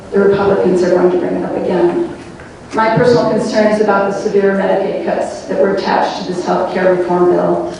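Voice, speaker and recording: A woman's voice: mid-range voice, creaky, dark tone, a little hiss or hum. A woman at a town hall reading a prepared, earnest statement, emotional and wavering at times. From New York State. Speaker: citizen speaker at a town hall. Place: large public hall. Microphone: floor microphone heard from afar. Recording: echoey hall recorded from far off.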